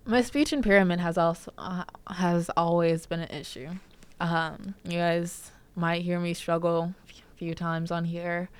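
A woman's voice: lowish voice, steady tone, measured pace, clean tone. A young woman from California telling a personal story in a casual, candid way, with many fillers. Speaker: podcast host.

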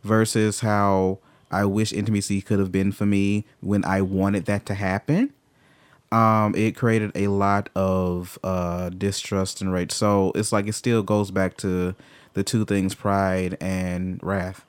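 Emphatic, deep-ish man, swears freely, dry sound, candid podcast talk. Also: flat delivery, measured pace, smooth, no room sound. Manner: emphatic, swings from low and brooding to loud and fired up. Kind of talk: candid conversation.

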